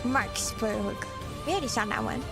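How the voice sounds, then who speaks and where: A woman's voice: fairly high pitch, wildly swooping pitch, normal speed. A woman streamer giggling through a casual reaction stream, sounding out place names as she goes. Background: background music.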